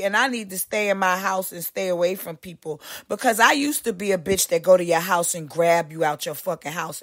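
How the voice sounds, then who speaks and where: A woman hosting a podcast, delivering a heated, profane ranting monologue with big swings in pitch. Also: sharp tone. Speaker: podcast host.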